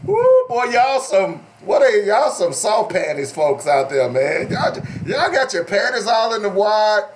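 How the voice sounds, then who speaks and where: A man hosting a talk radio show in a drawl, his voice sitting somewhat high. He jokes, teases and breaks into laughter as he reads. A faint steady noise runs under the studio mic. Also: unhurried, few pauses. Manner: joking, laughs often, playful put-on drawl. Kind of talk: casual talk radio banter.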